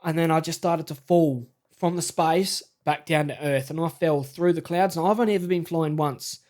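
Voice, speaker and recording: Australian male vlogger, a touch high-pitched; halting, stammering storyteller. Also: a little mellow. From South Australia. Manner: halting, stammering, shaken retelling. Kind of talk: personal storytelling.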